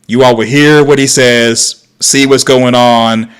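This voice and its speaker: A man's voice: mid-range voice, fairly even intonation, slow, clear, resonant tone. Sarcastic man hosting a live commentary stream. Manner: sarcastic, mocking, lecturing. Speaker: host. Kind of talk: livestream commentary.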